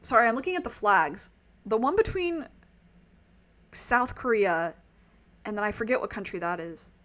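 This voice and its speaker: A woman's voice: on the high side, lively intonation, normal speed, fairly bright tone. A woman streamer giving casual let's-play commentary, rambling with laughing asides. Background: game music.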